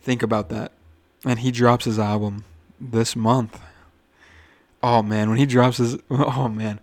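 A man's voice: mid-range voice, flat delivery, a little slow. A young man hosting his own podcast in a loose, rambling way. He swears freely, stumbles over his words and restarts, and sounds a bit nervous. The sound is dry and close, with no room echo. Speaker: podcast host. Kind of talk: casual solo podcast rant.

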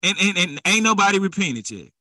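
A man's voice: high-pitched, sing-song, fairly quick, pushed and bright, dry recording. A man preaching a sermon in a casual, conversational way that builds into fervent exhortation.

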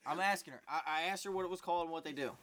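A man's voice: fairly high pitch, racing, a bit bright, a little hiss or hum. A young man co-hosting a podcast, bantering bluntly and swearing casually. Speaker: podcast co-host. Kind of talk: casual chat.

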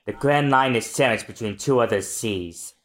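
A podcast co-host voicing a bossy young woman navigator who shouts orders at her crew. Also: mid-range voice, moderate pace, pitched below the performer's own voice, lightly acted. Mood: explaining. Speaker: podcast co-host reading manga aloud.

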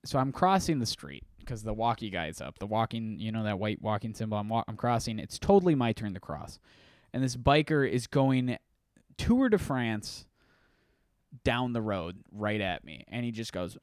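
A man hosting a casual solo podcast, rambling through animated stories with frequent restarts. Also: mid-range voice, normal speed, clear, resonant tone, no echo, studio quality. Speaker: podcast host.

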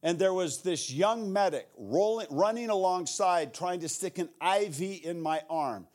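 A man's voice: high voice, unhurried, darkish tone. A man preaching, quoting a tearful older male war veteran as he earnestly confesses his story. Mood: solemn.

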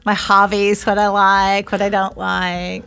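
A woman's voice: mid-range voice, monotone, measured pace, creaky, fairly bright tone, smooth. Chatty, giggly woman from Iowa. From Iowa, United States. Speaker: co-host telling how the couple met. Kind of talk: casual chat.

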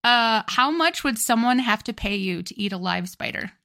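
A young woman co-hosting a podcast in casual chat, telling animated stories and acting out what friends said. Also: fairly high pitch, moderate pace. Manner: animated storyteller, acts out quoted friends. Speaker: podcast co-host.

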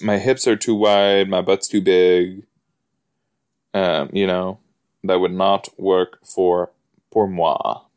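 A man with a lowish voice talks slowly through his reactions to a show. His watch-along commentary is chatty and excitable, peppered with fillers and little gasps. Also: clean tone. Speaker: podcast host reacting to an episode.

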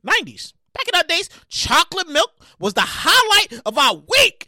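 A woman around forty hosting a podcast with animated solo commentary, loud and excitable, often yelling and swearing. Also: very high-pitched, moderate pace, few pauses, no room sound, studio quality. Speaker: podcast host.

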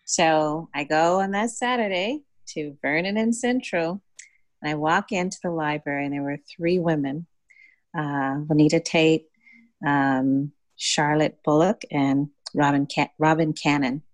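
A middle-aged woman tells a personal story in an easy conversational way. Her voice sits slightly low, and she livens it up by acting out the other people as she quotes them. The recording is close and dry. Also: measured pace, no echo. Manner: animated storyteller, acts out voices in dialogue. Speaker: community developer and guest.

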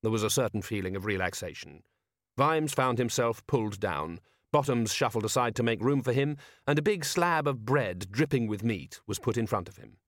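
A calm male narrator reads scripted audiobook material in a mid-range voice at a moderate pace. The recording is dry and clean, with studio quality.

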